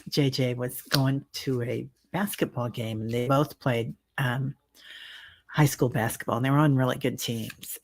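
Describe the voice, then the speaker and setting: A middle-aged woman doing a tarot reading livestream, talking casually and warmly with viewers, rambling, with lots of fillers. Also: rumbling low. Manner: slow, chatty, rambling with many fillers. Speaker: tarot reader and medium.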